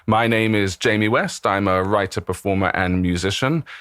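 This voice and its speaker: A man's voice: fairly low pitch, moderate pace, a bit bright, smooth, dry recording, studio quality. A man hosting a podcast, introducing the show and chatting casually with his guest. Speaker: podcast host.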